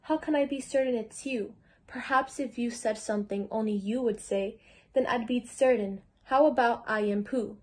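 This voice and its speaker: A woman's voice: a little high, normal speed, darkish tone, natural voice. A teenage girl reading the lines of a small, nervous male piglet who stammers, in a children's storybook. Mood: timid. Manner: timid, stammering.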